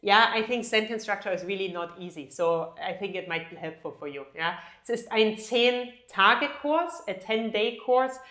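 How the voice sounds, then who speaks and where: A woman's voice: medium pitch, normal speed, few pauses, fairly bright tone. German-accented woman teaching, echoey room. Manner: emphatic, repeats each example in both languages, often asks "ja?". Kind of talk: language lesson, switching between English and German.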